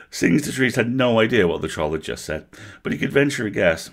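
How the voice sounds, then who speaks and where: A man reading a storybook aloud on a livestream, with vivid, animated narration. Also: low-pitched, fairly quick, few pauses. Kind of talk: expressive book reading.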